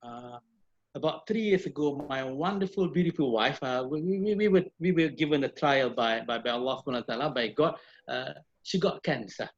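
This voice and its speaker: A middle-aged man from Malaysia, a professor telling a personal story in an animated way with many repeated words, heard over a video call. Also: mid-range voice, a little fast. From Malaysia (Perak). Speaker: professor and guest speaker. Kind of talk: storytelling talk. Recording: dull lo-fi video call audio.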